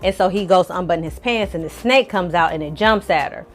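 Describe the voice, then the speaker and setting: A woman hosting her own channel, recapping a TV episode in a lively, slangy storytelling style. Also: lowish voice, quick pace, faint music behind. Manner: animated, slangy storytelling with acted quotes. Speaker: film reviewer, channel host.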